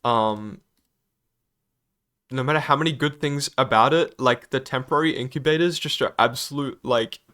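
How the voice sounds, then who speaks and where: A man's voice: mid-range voice, moderate pace, bright, forceful tone. A young man giving an unscripted opinion vlog about a game, hesitant and apologetic, stammering often and using many fillers. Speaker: gaming YouTuber.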